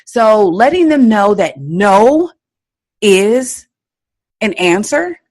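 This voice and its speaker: A woman's voice: mid-range voice, sing-song, drawn-out words, darkish tone. A woman hosting a parenting podcast, giving emphatic coaching advice and checking in with "okay?" often. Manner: emphatic, repeats key points with frequent "okay?" check-ins.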